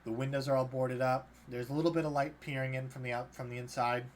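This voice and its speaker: A man's voice: medium pitch, steady tone, fast. A man narrating a tabletop game as game master, loosely, with many fillers. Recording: faint background noise.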